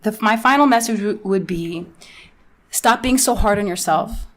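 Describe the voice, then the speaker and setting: A woman comedian from Palestine, a guest on a podcast, talking bluntly and with animated emphasis. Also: mid-range voice, normal speed. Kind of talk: candid podcast interview.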